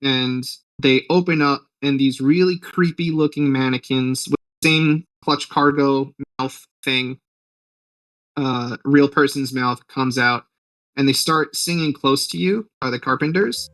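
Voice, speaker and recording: A man's voice: mid-range voice, measured pace, a bit bright, no echo, far from the mic, poor audio. A man hosting a podcast, retelling a film's plot in a rambling, joking way with lots of fillers. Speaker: podcast host. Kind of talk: casual movie recap.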